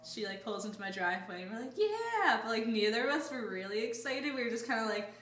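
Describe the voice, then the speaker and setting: A woman's voice: fairly high pitch, fairly even intonation, quick pace, a bit bright, reverberant, recorded from a distance. A teenage girl chatting with friends, telling a story full of "like" and acting out what people said. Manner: chatty, full of "like", acts out quotes. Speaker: fan vlogger. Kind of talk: casual group storytelling.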